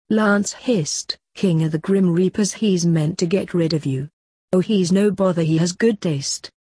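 Woman reading a story aloud; mellow, breathy low voice, plain character voices. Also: no room sound.

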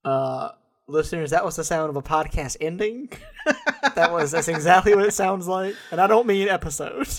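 A man with a somewhat high voice co-hosts a casual, jokey podcast chat. He laughs often and lets sentences trail off into mumbles. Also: normal speed. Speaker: podcast co-host. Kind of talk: casual comedic political chat.

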